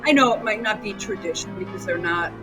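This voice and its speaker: A woman's voice: mid-range voice, fairly quick, over music, poor audio. A woman giving blunt, sarcastic, profane reaction commentary over video clips as host of her channel.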